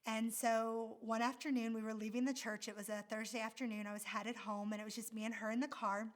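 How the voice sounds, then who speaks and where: A woman's voice: fairly high pitch, flat delivery, a little fast. A woman from the United States, a missionary speaker, telling a story in a sermon in an earnest, heartfelt way.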